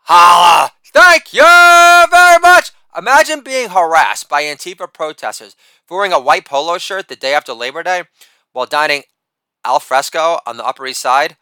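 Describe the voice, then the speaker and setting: Middle-aged man, satirical ranter, profane, high and very animated delivery. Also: a little fast, clear, resonant tone, no echo. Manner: profane and sardonic, with a shouted catchphrase. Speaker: writer reading his own piece. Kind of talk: satirical rant reading.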